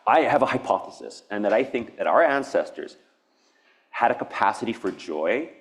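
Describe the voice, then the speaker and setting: A man from Hawaii speaks in a lowish, sing-song voice at normal speed. In a university event space he gives an earnest, reflective public artist talk that meanders nonlinearly, with lots of restarts and laughs.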